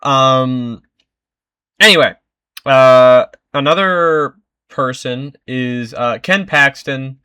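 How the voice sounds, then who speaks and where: Bright-voiced rambling young male podcaster. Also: mid-range voice, extremely slow, clean tone. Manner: rambling, profane, full of ums. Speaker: podcast co-host. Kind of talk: casual political chat.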